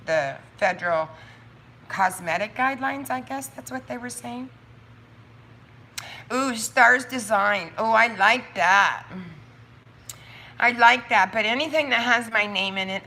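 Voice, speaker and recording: A woman chatting on her own live stream about her soap business, thinking out loud with quick asides and laughs. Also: fairly high pitch, a little hiss or hum. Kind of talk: casual livestream chat.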